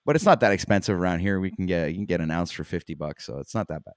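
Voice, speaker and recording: A man with a Quebec Canadian accent chats casually, tripping over his words and breaking into laughs. His voice sits low. The recording is dry, with little room sound. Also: rapid-fire, no room sound. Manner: stumbles on words, laughs often. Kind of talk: casual chat.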